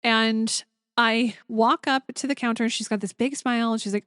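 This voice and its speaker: A young adult woman hosting a spiritual podcast, talking gently and earnestly with lots of fillers as she tells stories. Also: a little high, fairly even intonation, moderate pace, smooth, no room sound, studio quality. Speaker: podcast host. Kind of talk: casual spiritual podcast monologue.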